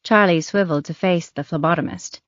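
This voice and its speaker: A woman's voice: fairly low pitch, fairly quick, dry recording. Woman narrating an audiobook, dry and muffled.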